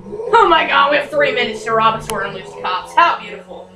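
A woman hosts casual gameplay commentary for a gaming channel, chatty and self-mocking, often laughing at her own mistakes. Her fairly high voice is animated, brisk, and creaky, recorded in an echoey room on a distant mic with noise.

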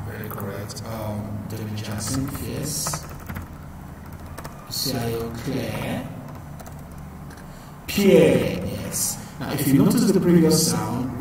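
A man teaching an online class, lively and encouraging as he reads out student answers. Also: mid-range voice, background noise. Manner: lively and encouraging, repeats praise. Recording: roomy, echoey audio from far off the mic.

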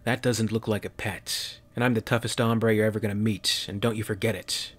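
Brief: a man playing a hard-nosed marine captain, low and commanding. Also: little pitch movement, a little fast, lightly acted. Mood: stern. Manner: commanding, barking orders. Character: tough, gruff male marine captain.

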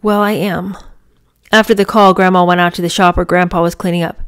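A woman's voice: lowish voice, little pitch movement, fast, clean tone. A woman reads chapters of a memoir aloud, then stops to share her reactions. She talks in a chatty, enthusiastic way with plenty of fillers between the read passages. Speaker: book reader and reviewer. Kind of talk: memoir reading with casual commentary.

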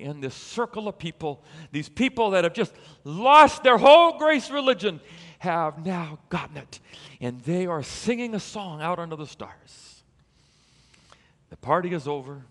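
A pastor delivers a sermon, telling a story with animation and building toward emphatic peaks. His voice sits fairly high, and the sound carries the echo of a big room.

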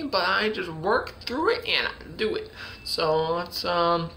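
A man's voice: fairly high pitch, very animated, unhurried, sharp tone. A man casually teaching ventriloquism, hesitant and full of fillers as he demonstrates letter sounds. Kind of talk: casual tutorial.

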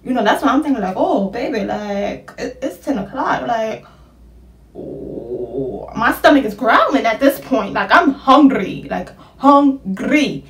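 Animated slangy young woman telling a story. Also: a little slow, echoey room, distant mic. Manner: animated, slangy, acts out quotes in high excited bursts. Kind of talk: casual storytime vlog.

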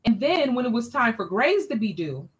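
A woman, an education scholar, telling a personal story as a podcast guest in an animated, expressive, colloquial way. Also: fairly high pitch, moderate pace.

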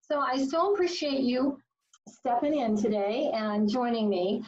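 A woman's voice: fairly high pitch, measured pace, darkish tone. A woman life coach giving an upbeat, playful motivational talk to camera. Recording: slightly distant, dull sound.

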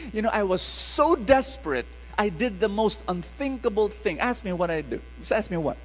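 A middle-aged man, preaching a sermon in an animated call-and-response style. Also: high-pitched, long reverb tail, poor audio.

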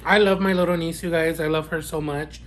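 A man reviewing fast food in a mukbang eating vlog, talking in a sassy, playful way and savoring each bite with frequent mm and wow sounds. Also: fairly high pitch, steady tone, fairly bright tone. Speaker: food vlogger.

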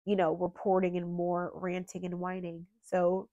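A woman's voice: fairly low pitch, monotone, a little slow, warm tone, no echo, highs cut off. Young woman, nasal and sick with a cold, rambling heartfelt chat, filler words, dry close sound. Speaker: true crime channel host. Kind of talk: casual emotional monologue.

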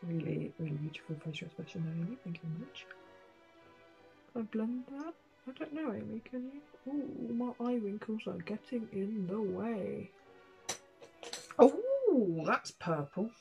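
A woman's voice: mid-range voice, big pitch swings, a little slow, creaky, muffled recording, soft background music. A young woman doing a casual makeup vlog, self-mocking and swearing as she talks to herself and her dog. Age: young adult. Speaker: beauty vlogger.

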